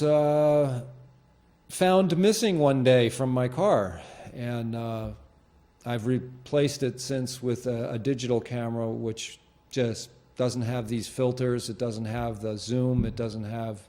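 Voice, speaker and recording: A man hosting a local TV show from a studio, talking off the cuff in a halting, rambling way with lots of fillers and restarts. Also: mid-range voice, mellow. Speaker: host of a local cable show. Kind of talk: unscripted studio monologue. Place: TV studio with green screen.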